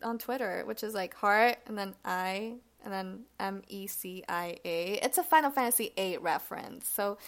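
A woman's voice: mid-range voice, moderate pace, few pauses. A woman guest on a podcast, chatting casually, joking and enthusiastic with frequent restarts. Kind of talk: casual chat.

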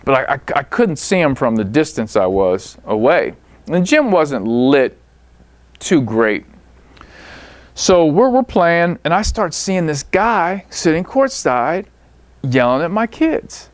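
Animated man telling a coaching story. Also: mid-range voice, moderate pace, dry recording. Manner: animated anecdote-telling with voiced quotes. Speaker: basketball coach.

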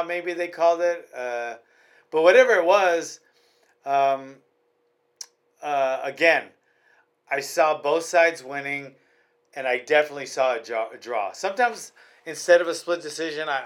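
This man talks casually about fights as a podcast host. His voice sits a touch high for a man, and he rambles and restarts his sentences a lot. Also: fairly bright tone.

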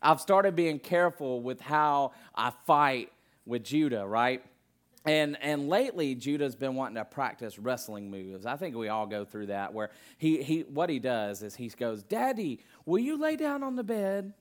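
A young man preaching a conversational sermon, telling family stories in an animated way with frequent restarts. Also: medium pitch, a little slow.

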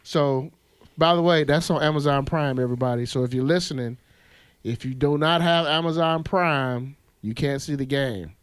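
A man's voice: on the high side, moderate pace, clean tone, dry recording. A man co-hosting a casual sports podcast, talking in a laid-back, joking, slangy way. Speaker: podcast co-host.

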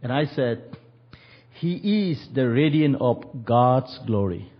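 Husky man preaching, lo-fi. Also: mid-range voice, slow. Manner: animated, acts out quoted voices. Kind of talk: sermon storytelling.

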